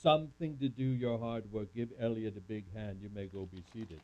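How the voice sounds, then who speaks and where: A man with a fairly low, mellow voice speaks at normal speed with fairly even intonation, over a little hiss or hum. Playing a camp speaker, he delivers a dramatic first-person monologue to an audience volunteer, recorded in muffled lo-fi.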